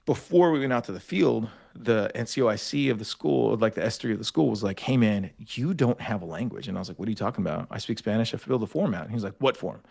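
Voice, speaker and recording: Young guy swearing thru army stories, doing everyone's voices, kinda low pitched. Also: fast talker, creaky, few pauses, slightly rough. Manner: profane, animated storyteller acting out quotes. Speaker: podcast guest, army veteran. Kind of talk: casual storytelling chat.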